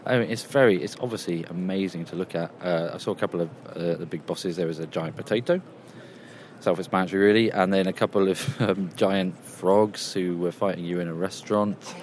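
Deep-voiced and brisk, with a touch of mellowness, a man gives a chatty, rambling report from a games convention. He's outdoors in a calmer area, using many fillers, with slight noise in the background.

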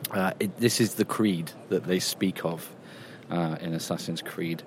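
Recorded in a quieter outdoor spot at a games convention, a man reports casually, rambling and chatting with lots of fillers. His voice sits low and unhurried, and there's a little background noise.

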